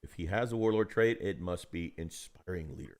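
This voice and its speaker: Animated, playful male stream co-host. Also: deep voice, a little fast. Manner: playful, laughing often, breaks into jokey voices. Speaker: co-host of a tabletop gaming live show. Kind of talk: casual live-stream chat, reading game rules aloud.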